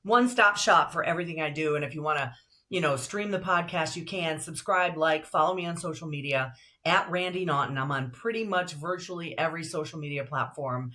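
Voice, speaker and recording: An older woman with a deep alto voice, a broadcaster and voiceover actress talking as a guest in a casual interview, lively and upbeat. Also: fairly quick.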